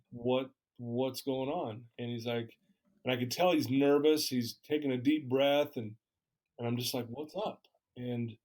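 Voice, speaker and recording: A man's voice: mid-range voice, a little mellow. A man guest in an interview, candidly telling a personal story and acting out the dialogue he recalls. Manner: candid, acts out quoted dialogue.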